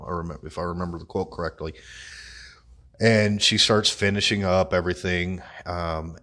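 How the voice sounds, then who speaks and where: A man's voice: low voice, a bit bright. A grown man hosting a casual commentary vlog, swearing freely and laughing at his own crude jokes. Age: adult. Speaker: vlog host.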